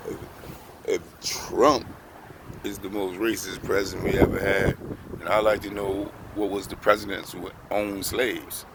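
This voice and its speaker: Gravelly low-voiced man ranting outdoors. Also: level tone, unhurried. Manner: loose, repetitive, sprinkles "man" and "stop playing". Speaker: vlogger. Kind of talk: casual opinion rant. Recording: noisy outdoor street recording.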